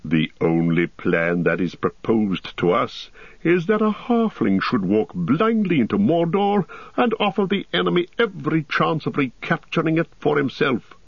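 A man's voice: a little high, very animated, normal speed, gravelly, husky, no room sound, voice pushed up, exaggerated voice. A man voicing a proud, volatile tall warrior who speaks in an impassioned, declamatory way. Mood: persuasive. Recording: dull, dry audiobook recording.

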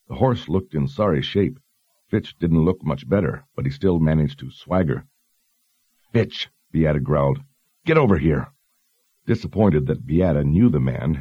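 A male narrator reading a fantasy story in a measured, even way. His voice is very deep and husky. The recording is dry and close, with a slightly dull sound. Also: dry recording. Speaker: audiobook narrator.

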